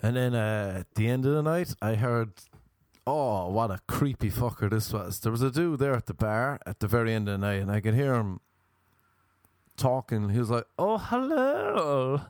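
Young guy rambling thru a funny story, lively, dry close mic. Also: lowish voice, normal speed, no room sound. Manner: animated, mimics people, rambling asides. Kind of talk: casual comic storytelling.

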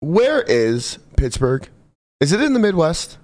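A man's voice: a little high, big pitch swings, a little slow, darkish tone. A man cohosting a poker podcast, joking and teasing the others. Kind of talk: casual chat.

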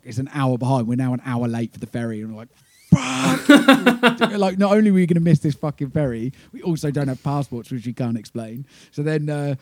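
A man's voice: mid-range voice, mellow, dry recording. A man telling a rambling, swearing tour story with laughs in casual chat. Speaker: touring band member.

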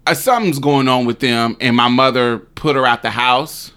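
A young man telling a story in casual chat, animated and laughing, with sound effects. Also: mid-range voice, normal speed, smooth.

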